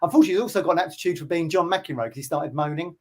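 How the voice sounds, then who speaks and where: A man's voice: a little high, rapid-fire, darkish tone. A man co-hosting a casual fan podcast over a video call, chatty, laughing often and grumbling in fun. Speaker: podcast co-host.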